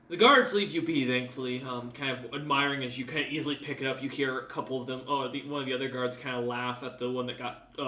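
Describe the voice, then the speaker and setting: A man running a tabletop game, narrating in a loose, rambling way with lots of fillers. His voice is bright and fairly high. It sounds roomy and distant from the mic. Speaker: game master.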